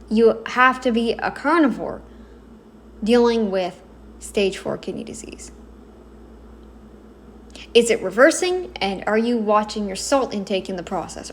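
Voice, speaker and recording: A woman giving casual reaction commentary, halting and self-correcting, blunt and exasperated in her opinions. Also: a little high, a little hiss or hum. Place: home, kneeling then seated.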